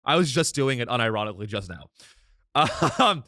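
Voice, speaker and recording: A young man hosting a comedic podcast, commenting sarcastically on a clip and ranting in loud bursts. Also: mid-range voice, big pitch swings, brisk, no room sound, clean studio sound. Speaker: podcast host.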